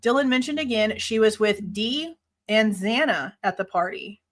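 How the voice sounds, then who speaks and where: A woman's voice: on the high side, animated, normal speed. A woman hosting a live true crime reaction show, reading a police report aloud and bluntly arguing with it, swearing casually and sounding exasperated. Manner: blunt, exasperated, sharply skeptical; reads report lines aloud, then argues back at them.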